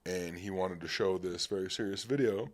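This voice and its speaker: A young man hosting a podcast, telling casual stories in an animated way and laughing as he goes. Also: low-pitched, normal speed. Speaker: podcast host. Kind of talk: casual storytelling chat.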